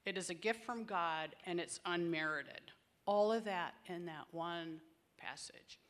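A woman's voice: fairly low pitch, unhurried, a bit bright. A woman speaking to a group of women about grace, telling a personal story in an earnest, conversational and emotional way. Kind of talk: personal testimony talk.

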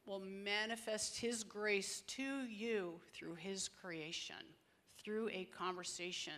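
A woman's voice: medium pitch, fairly bright tone. A woman speaking to a group of women about grace, telling a personal story in an earnest, conversational and emotional way. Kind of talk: personal testimony talk.

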